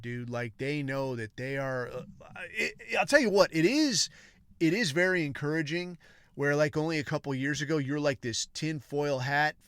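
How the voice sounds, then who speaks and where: Crude, ranting man with a bright voice. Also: medium pitch, clean tone, no echo, studio quality. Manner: crude, swearing, emphatic, jumps between topics. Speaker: podcast host. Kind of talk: profane monologue rant.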